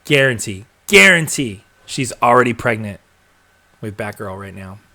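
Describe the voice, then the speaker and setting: Hosting a live show, a young man with a fairly low, bright and forceful voice speaks at a normal speed. He reads out viewer comments and responds in a loose, rambling way, packed with ums and restarts, chuckling and trailing off.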